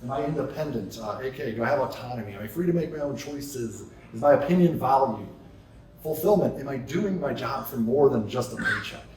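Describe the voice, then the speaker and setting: With a crowd audible in the background, a man speaks fairly quickly in a medium pitch, giving a keynote in a large conference hall. Captured on a distant mic amid the hall's echo, he tells lively stories and poses rhetorical questions to the audience.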